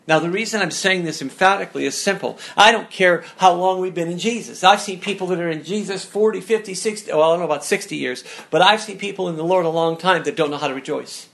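Male pastor, fairly high gravelly voice, emphatic sermon delivery with restarts. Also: fast talker, few pauses, fairly bright tone. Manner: emphatic, repeats and restarts words.

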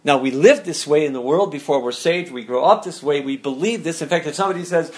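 A man's voice: on the high side, animated, quick pace, hardly any pauses, a little mellow. A man preaching a sermon, emphatic and earnest, often restarting his words as he presses a point. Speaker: pastor.

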